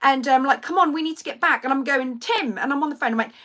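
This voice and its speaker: Woman in her 30s on a livestream, bright high voice, does all the voices when she tells a story. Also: a little fast, few pauses. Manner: animated storytelling, acts out quoted voices. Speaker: livestream host. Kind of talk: casual chat.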